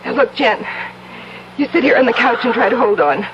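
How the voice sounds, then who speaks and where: An actress playing a calm, controlling sister in a 1970s radio drama, soothing yet firm and a little patronizing. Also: female voice, a little high, normal speed, lo-fi sound, close to an everyday voice. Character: calm, controlling older sister, adult woman. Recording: old radio broadcast with clear background noise.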